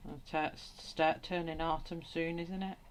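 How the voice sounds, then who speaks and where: A woman chats casually with her live viewers as she colours at her desk. Her voice sits a little low and she talks at an unhurried pace, laughing often. The home recording is noisy with clicks of pencils. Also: little pitch movement. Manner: chatty, laughs often, reads out viewer comments. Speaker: coloring livestream host.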